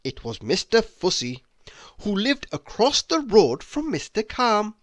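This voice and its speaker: A man reading a children's picture book aloud in a slow, expressive storytelling voice. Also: sits high, no echo, clean studio sound. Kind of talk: children's read-aloud narration.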